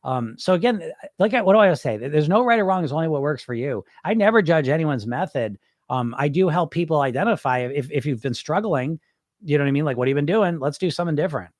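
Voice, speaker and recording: A man's voice: fairly high pitch, expressive, fast, dry recording. Blunt, emphatic man with a dry sound. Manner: emphatic, repeats himself, blunt asides. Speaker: podcast host. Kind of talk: live-stream chat reading comments.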